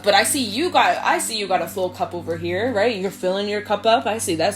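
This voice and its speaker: A woman's voice: medium pitch, a little fast, hardly any pauses. A woman giving a casual, chatty tarot reading to camera, laughing often and calling her viewers "y'all". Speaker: tarot reader. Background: soft background music.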